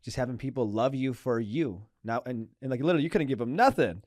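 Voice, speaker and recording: A man's voice: medium pitch, lively intonation, fast talker, no room sound, studio quality. A man hosting a podcast, affirming his guest with lots of "mm-hmm"s and "like"s. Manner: warm affirming listener, many "mm-hmm"s and "like"s. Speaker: podcast host. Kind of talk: casual interview chat.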